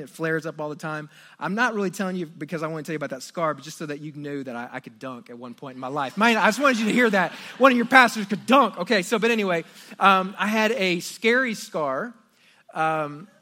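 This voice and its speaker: A middle-aged man from Texas, a pastor giving a sermon before a congregation, telling jokey personal stories with big swings between loud and quiet. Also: high voice. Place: church auditorium before a congregation.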